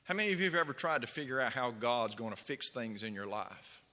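With medium pitch, lively intonation and a slightly fast delivery, this pastor sounds bright and forceful. He tells stories and asks his congregation questions during the sermon, which echoes with long hall reverb.

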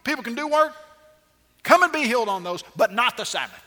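A preacher putting on a pompous synagogue ruler. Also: male voice, expressive, pushed and bright, in a large hall, heavily acted. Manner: pompous, slow and booming.

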